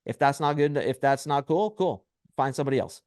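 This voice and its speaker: A brash man talks as a podcast guest, coaching men on dating. He is animated and acts out short exchanges to make his points. His voice is mid-pitched, and the sound is dry and close. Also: fairly quick, clean tone, dry recording. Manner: brash, animated storytelling with acted quotes. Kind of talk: podcast interview.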